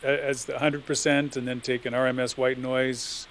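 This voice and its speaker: Brief: audience man asking quickly, heard from a distance with faint hiss. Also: mid-range voice, little pitch movement, a bit bright. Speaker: audience member asking a question.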